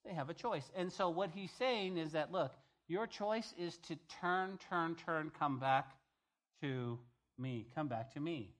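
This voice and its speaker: A man's voice: fairly high pitch, a little slow, fairly bright tone. Man preaching a casual verse-by-verse sermon. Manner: conversational preaching, reads scripture aloud and paraphrases it. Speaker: pastor.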